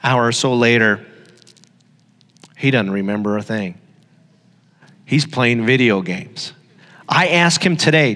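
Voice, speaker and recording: A man's voice: medium pitch, slow, pauses often, fairly bright tone. Middle-aged male pastor, storytelling sermon with emphatic repetition, reverberant church hall.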